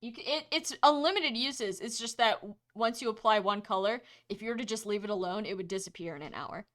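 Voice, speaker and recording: A woman game master narrating a tabletop game, chatty with fillers and quick to laugh. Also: medium pitch, a bit bright.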